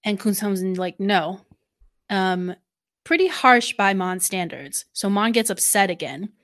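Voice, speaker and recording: A woman's voice: medium pitch, expressive, measured pace, fairly bright tone. A woman co-hosting a casual chat about a TV series, thoughtful and full of filler words. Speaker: podcast co-host.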